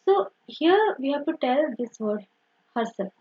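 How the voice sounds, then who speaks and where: A woman's voice: high-pitched, big pitch swings, a little slow, muffled recording. A woman teaching an online grammar lesson, explaining step by step and often saying "simple" and "okay".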